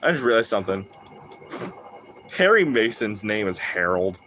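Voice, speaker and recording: Animated, profane young male streamer. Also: on the low side, moderate pace, slight background noise. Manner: animated, profane, jokey, riffs off chat. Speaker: livestreamer. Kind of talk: casual gaming livestream chat.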